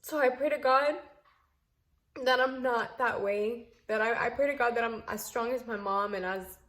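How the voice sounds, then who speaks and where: A woman's voice: fairly high pitch, normal speed, fairly bright tone. A young woman telling a storytime vlog to camera, heated and emphatic, at times tearful and earnest. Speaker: vlogger.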